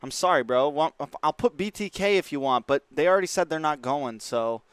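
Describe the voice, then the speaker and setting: A man's voice: on the high side, animated, brisk, clean tone, no room sound. Laughing young streamer guy. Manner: laughs often, talks straight to chat. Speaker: livestreamer and esports caster. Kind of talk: casual livestream chat.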